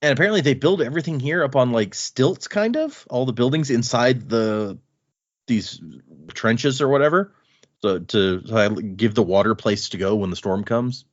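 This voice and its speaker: A man's voice: medium pitch, normal speed, dry recording, lo-fi sound. A man co-hosting a podcast, casually and animatedly retelling chapters of a book. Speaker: podcast co-host.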